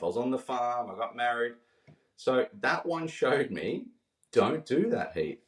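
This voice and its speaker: A man's voice: mid-range voice, expressive, normal speed. Earnest man, distant and roomy. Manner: earnest, heartfelt, quoting others as he tells stories. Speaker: podcast guest. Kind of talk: emotional storytelling in conversation.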